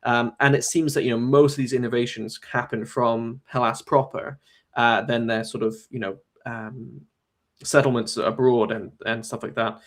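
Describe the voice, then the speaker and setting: A man's voice: mid-range voice, steady tone, normal speed, fairly bright tone. A man appearing as a guest on a casual live stream, building long thoughtful points with fillers. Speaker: guest armor expert.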